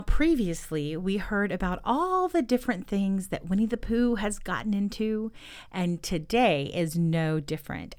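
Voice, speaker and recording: A woman hosting a children's story podcast, reading a book aloud gently and enthusiastically. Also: fairly low pitch, smooth, no room sound, studio quality. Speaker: storybook reader and podcast host.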